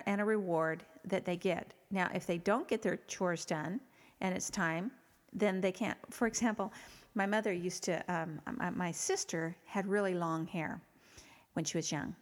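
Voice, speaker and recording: A middle-aged woman with a medium-pitched voice gives parenting advice as an expert guest, sharing personal stories in an earnest, conversational way. She rambles and often restarts her sentences. It's recorded in a reverberant hall with faint music.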